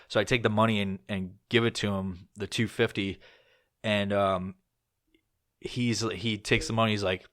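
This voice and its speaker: Bright-voiced man telling a profane story. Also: lowish voice, fairly even intonation, normal speed. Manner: rambling, profane, loose storytelling with many fillers. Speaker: podcast host. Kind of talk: casual storytelling chat.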